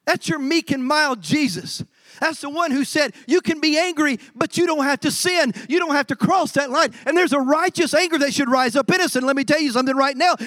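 A middle-aged male pastor preaching with a strikingly high voice. He talks in an emphatic way, dropping low and quiet and then bursting out loud. The sound is dry and close, with no room in it. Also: dry recording. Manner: emphatic, swings from low murmurs to loud outbursts. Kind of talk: sermon.

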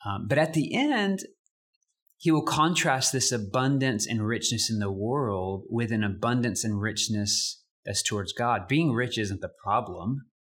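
A young adult man preaching a sermon as pastor, conversational and animated, with casual asides. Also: mid-range voice, a little slow, slightly rough.

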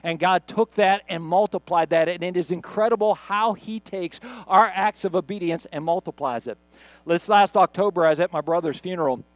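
A man's voice: high-pitched, normal speed, dry recording. A middle-aged male pastor preaching a sermon for an online video, in a conversational storytelling manner. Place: church recorded on camera.

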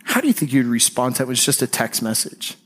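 This pastor's sermon comes in a medium-pitched, very animated voice. He keeps things conversational, yet slows down and softens on the phrases that matter most.

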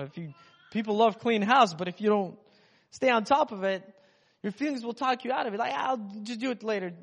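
A man from Russia giving a casual, chatty sermon in a rambling, conversational way. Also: high voice. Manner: chatty, rambling, acts out inner voices. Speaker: preacher. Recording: dull sound with long hall reverb.

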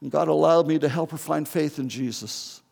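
A man's voice: on the high side, moderate pace, gravelly, a little mellow, big-room sound. An older man preaching an earnest, heartfelt sermon as pastor, with pleading repetitions.

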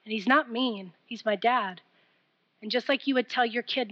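A woman preaching a passionate, pleading sermon, swinging from loud appeals down to near whispers. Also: fairly high pitch, fairly even intonation, moderate pace, pauses often, highs cut off.

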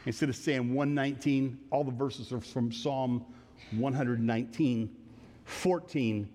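A man's voice: mid-range voice, a little slow, dark tone, long reverb tail. A man preaching a sermon verse by verse, earnest, often repeating phrases and restarting his sentences. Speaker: pastor. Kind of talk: sermon teaching through a psalm.

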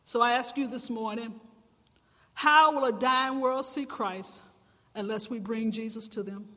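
Woman pastor, high bright voice, fervent sermon delivery, long church-hall reverb. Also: unhurried. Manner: impassioned, swelling to loud emphatic cries. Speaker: preacher.

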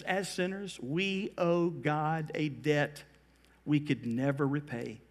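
A middle-aged man preaching a sermon as pastor, building emphasis through repeated phrases and slowing down to stress key words. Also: fairly high pitch, fairly bright tone.

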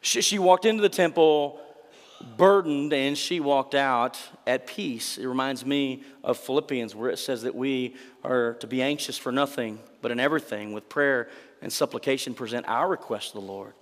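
A man's voice: medium pitch, moderate pace, in a large hall. A male pastor preaching an earnest sermon, voicing the quoted scripture lines as he tells the story.

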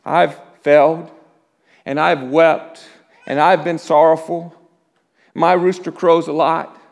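A high-pitched male pastor delivers his sermon at an unhurried, measured pace. He trips over his words, repeating the start of a phrase, then falls to near whispers when the story turns grave. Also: little pitch movement, creaky. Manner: halting restarts, drops to a hush at solemn moments. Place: church.

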